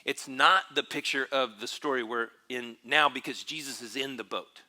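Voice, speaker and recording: A man preaching a sermon as pastor in a church, reflective and searching, often pausing and restarting his phrases. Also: mid-range voice, bright, forceful tone. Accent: Texan.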